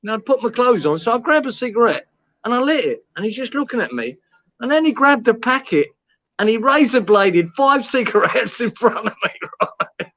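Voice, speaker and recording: A man's voice: very high voice, big pitch swings, normal speed, a bit bright, no echo, highs cut off. A man telling a story in casual chat, swearing, laughing and acting out what people said. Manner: swearing, laughing, acts out quoted lines. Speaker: co-host.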